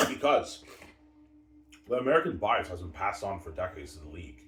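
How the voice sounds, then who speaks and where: Deep-voiced guy ranting quick and blunt, keeps saying man, echoey room a bit off mic. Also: big pitch swings, sharp tone, far from the mic. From Canada. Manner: blunt, opinionated, repeats words and says "man" often. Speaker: host answering chat questions. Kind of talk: casual livestream rant.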